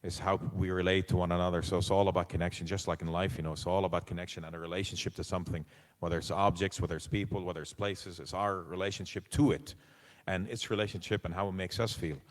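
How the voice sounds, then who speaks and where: A man, a guest actor, answering audience questions on a convention panel in a casual, animated way, with frequent restarts and laughs. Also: sits low, fast, in a large hall. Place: large convention hall.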